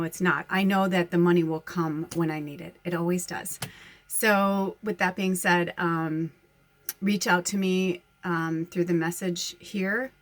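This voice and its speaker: Woman, spiritual host, casual chat, rambling, laughs often, a bit low-pitched. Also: slight background noise. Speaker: spiritual medium and channel host.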